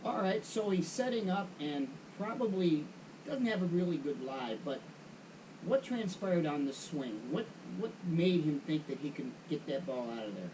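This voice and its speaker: A man's voice: a little high, expressive, normal speed, recorded from a distance, background noise. A man hosting a casual golf chat show, asking questions and telling a long joke. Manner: jokey, tells jokes. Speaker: host.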